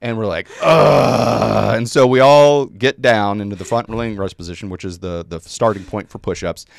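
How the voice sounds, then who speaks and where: A man in his forties, an Army veteran, telling a story casually on a podcast, halting with many fillers and repeated words. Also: fairly low pitch, no echo, clean studio sound.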